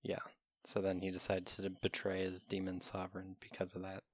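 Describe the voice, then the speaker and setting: A man's voice: low voice, monotone, moderate pace, no room sound. A man in casual chat, eagerly cutting in to explain game lore. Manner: eager, interjecting with lore details. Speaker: podcast co-host.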